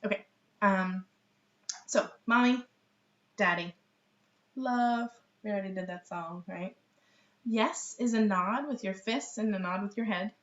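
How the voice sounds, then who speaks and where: A woman's voice: medium pitch, a little slow, pauses often, a bit bright. A middle-aged woman teaching baby sign language in a casual, chatty live lesson, laughing often and full of ums. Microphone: webcam. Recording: roomy, distant, dull webcam audio.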